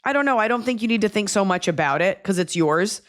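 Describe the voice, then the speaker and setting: A woman's voice: mid-range voice, expressive, fast. A woman in her forties hosting an advice podcast, chatting casually and acting out little lines to make her point. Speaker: podcast host.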